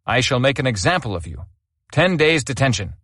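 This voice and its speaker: A man voicing a stern army colonel who questions in a measured, formal way in an audiobook. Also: mid-range voice, big pitch swings, fairly bright tone, breathy edge, no echo, studio quality. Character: stern army colonel presiding over discipline.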